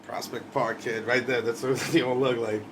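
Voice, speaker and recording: A man's voice: medium pitch, little pitch movement, moderate pace, a bit bright. Ranting New man, distant mic. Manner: heated, ranting, laughing often. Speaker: podcast co-host. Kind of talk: casual profane chat. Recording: distant mic, faint background noise.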